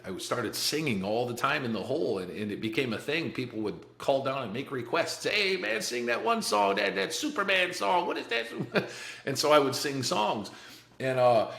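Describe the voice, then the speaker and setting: A man's voice: medium pitch, fairly bright tone. A man in his forties telling his life story as a podcast guest, blunt and profane, with many restarts and short laughs. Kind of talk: candid life-story interview. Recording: roomy echo.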